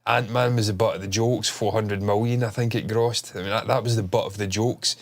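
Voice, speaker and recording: A man's voice: on the low side, fairly even intonation, fairly quick, creaky. Brief: male host, blocked nose, loose rambling delivery, casual swearing. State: stuffed-up nose. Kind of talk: casual chat stream.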